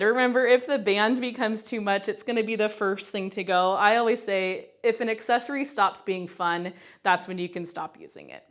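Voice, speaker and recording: A woman's voice: mid-range voice, fairly bright tone. Upbeat woman coaching a Pilates class. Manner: upbeat, chatty coaching while counting reps. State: working out along, slightly winded. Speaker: Pilates instructor. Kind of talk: guided workout instruction.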